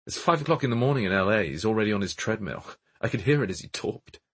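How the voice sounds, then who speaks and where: A man's voice: fairly low pitch, animated, fast, breathy edge. A man voicing an irritable, successful male actor in an audiobook, curt and dismissive. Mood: impatient.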